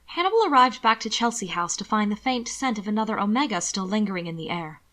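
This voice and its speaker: A woman narrates an audiobook in a steady, expressive storytelling voice. Her pitch sits in the middle range for a woman. She paces the prose evenly and lets the dialogue carry the color. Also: fast. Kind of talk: scripted fiction narration.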